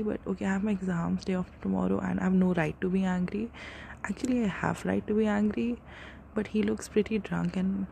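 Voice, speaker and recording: A woman's voice: mid-range voice, steady tone, moderate pace, creaky, mellow, a little hiss or hum. A young woman in her twenties hosting a casual solo podcast, rambling and swearing freely as she corrects herself. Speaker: podcast host.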